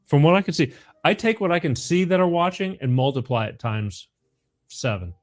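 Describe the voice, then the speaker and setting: A man's voice: fairly high pitch, animated, quick pace. A middle-aged man hosting a call-in show, chatting casually and rambling, with frequent laughs and repeats. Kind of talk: casual call-in radio chat.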